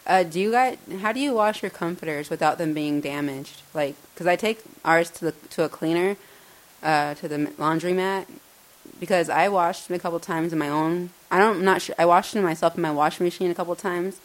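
A woman co-hosting a podcast, asking rambling questions in relaxed casual chat. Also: fairly low pitch, brisk, low-quality recording. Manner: relaxed, wandering questions with fillers. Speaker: podcast host.

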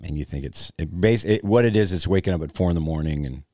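A man's voice: sits low, fast talker, mellow, no echo, clean studio sound. A man co-hosting a casual chat, joking and teasing the guest.

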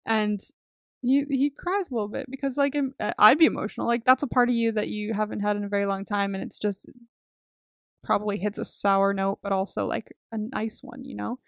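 A woman's voice: mid-range voice, steady tone, fairly quick, no room sound. Chatty young woman, dry close sound. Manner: chatty, filler-heavy, laughs often. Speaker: podcast co-host. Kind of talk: casual movie recap chat.

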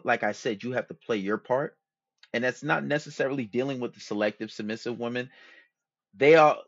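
This podcast host speaks at medium pitch in a dull, dry lo-fi recording. His casual monologue on dating wanders loosely, full of slang and swearing, as he hands out advice.

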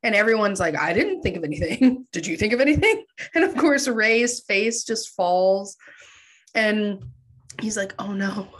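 A woman's voice: medium pitch, expressive, a little slow. A woman casually recapping a movie on a podcast, chatty, with frequent laughs and lots of fillers.

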